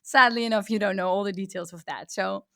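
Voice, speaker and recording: Woman with a creaky voice. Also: mid-range voice, a little fast, sharp tone. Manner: curious, asks layered questions with self-corrections. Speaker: podcast host, interviewer. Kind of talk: casual interview talk.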